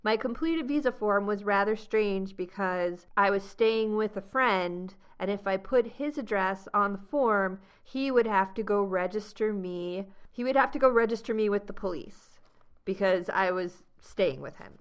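A young American woman hosting a travel podcast, telling a story in a lively, laughing way. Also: medium pitch, unhurried, smooth. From United States. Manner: animated storyteller, laughs often. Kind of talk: casual storytelling chat.

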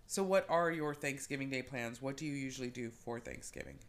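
A woman's voice: rumbling low, fairly quick. A young woman with a cold, chatting casually on a podcast and jumping between topics with bursts of laughter. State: sick, eyes watering. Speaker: podcast co-host. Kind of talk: casual chat.

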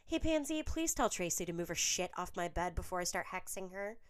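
A woman doing a snappy high-voiced schoolgirl. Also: sing-song, fairly quick, clean tone. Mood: irritated. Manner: irritated, snappy. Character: bickering teenage schoolgirl, blunt.

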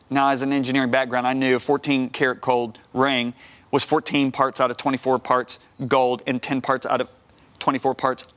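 A middle-aged man, a guest minister, telling a personal testimony on a talk show, acting out the dialogue and rising loud when emphatic. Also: medium pitch. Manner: acts out quoted dialogue.

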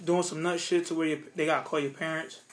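A man's voice: fairly high pitch, steady tone, quick pace. A man in casual chat, joking along and using heavy slang.

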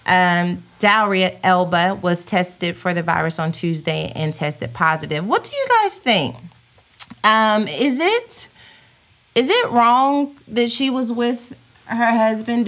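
A woman's voice: medium pitch, a bit bright. A woman hosts a casual podcast from home, chatting freely. She reads viewer comments aloud and riffs on them with easy humor. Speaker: podcast host. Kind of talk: casual live-stream chat reading comments.

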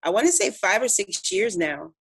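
A woman's voice: mid-range voice, sing-song, moderate pace, vocal fry, fairly bright tone, breathy edge. Woman guest chatting casually. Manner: brief agreeable replies. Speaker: podcast guest. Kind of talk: casual interview chat.

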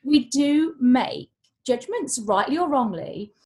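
Lady voice coach chatting on a podcast, kinda high voice, animated. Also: slow. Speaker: voice coach guest. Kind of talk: podcast conversation.

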